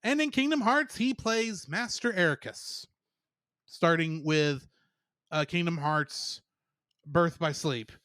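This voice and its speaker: High bright voiced guy on a podcast, chatty, laughs a lot, dry close sound. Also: slow pace, dry recording. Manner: chatty, laughs often, trivia-minded. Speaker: podcast co-host. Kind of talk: casual podcast chat.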